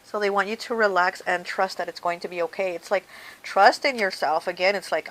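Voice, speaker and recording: A woman's voice: mid-range voice, steady tone, brisk, fairly bright tone, low-quality recording. A woman doing a casual tarot card reading, talking straight to the viewer in a chatty way and often saying "okay" and "you know.". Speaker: tarot reader.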